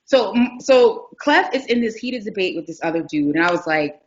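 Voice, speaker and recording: A woman from New Jersey, a guest author telling animated stories in a podcast interview, acting out the people she quotes. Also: mid-range voice, normal speed, dull audio. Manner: lively anecdotes, acts out quoted speech.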